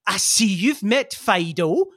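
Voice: mid-range voice, animated, takes it slowly, background noise. A game master voicing Eel, a cheerful man from the sewers who talks to his slime pet in a doting, sing-song way.

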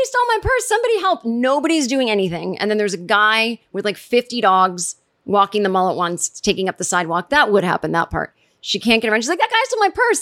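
A woman hosting a podcast, chatting casually and animatedly, jumping into high voices when she quotes people. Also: fairly bright tone, dry recording, studio quality. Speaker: podcast host recapping a TV episode. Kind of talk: casual chat.

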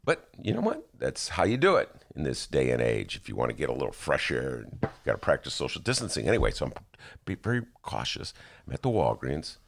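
A low, gravelly man hosts a talk show. He spins a rambling comic story, and his deep voice swoops up into excited high bursts. His delivery is loose and casual. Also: a little fast. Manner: animated storyteller, jumps into excited high-pitched asides. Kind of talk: casual comedic monologue.

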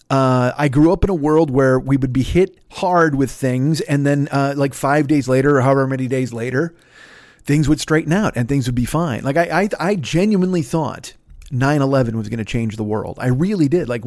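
A man's voice: mid-range voice, a little fast, darkish tone, no echo, clean studio sound. A man hosting a solo podcast, talking in a casual, rambling, heavily profane way with frequent stumbling restarts. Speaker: podcast host.

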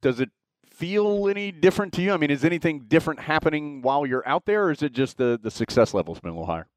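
A man hosting a show, putting slow, carefully worded interview questions to a guest. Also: a little high, lively intonation, no room sound. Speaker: show host.

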